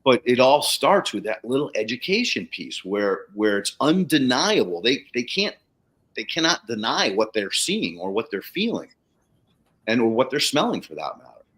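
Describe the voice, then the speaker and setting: An animated man with a lively, wide-ranging voice spins a story on a casual livestream chat. He acts out the people he quotes and swears freely as he goes. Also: medium pitch, normal speed, rough recording. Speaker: podcast host, soil treatment practitioner.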